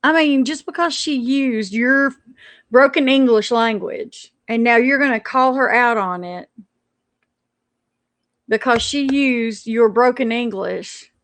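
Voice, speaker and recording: A woman with a fairly high voice rants indignantly on a live stream. She stumbles and restarts her sentences as she goes. The sound is close and dry, with no room around it. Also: slow, a bit bright, no echo.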